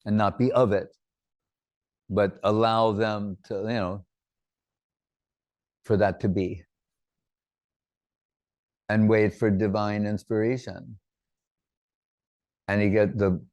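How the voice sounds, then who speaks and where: A man's voice: lowish voice, fairly even intonation, slow pace, long pauses, a little mellow, no room sound. A man giving an informal religious talk, drifting from teaching into rambling personal anecdotes.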